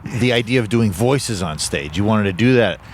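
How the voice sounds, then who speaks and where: A man's voice: on the low side, animated, moderate pace, slight background noise. A man co-hosting a podcast from a car, chatting casually and teasing with dry provocations. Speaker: podcast co-host. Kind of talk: casual chat.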